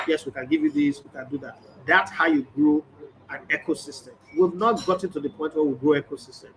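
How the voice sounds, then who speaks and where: A middle-aged man with a Nigerian accent talks straight to camera in a casual vlog, pressing his points hard and playing out both sides of remembered conversations. His voice sits a little high for a man, with a faint ambient hum underneath. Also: rough recording. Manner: emphatic, storytelling, acts out quoted exchanges. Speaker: sports journalist and channel host. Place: hotel room or indoor space, background ambience.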